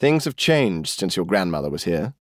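Storybook: narrator doing a tired, dryly protesting older diplomat, low-set, dry close mic. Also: male voice, sing-song, normal speed, no echo. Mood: patient. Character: weary fifty-five-year-old male diplomat, dry and patient. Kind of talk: audiobook character voice.

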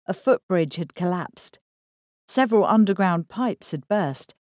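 This woman's low, mellow voice narrates a novel as an audiobook reader. The scripted storytelling is measured and even, on a dry studio-quality recording.

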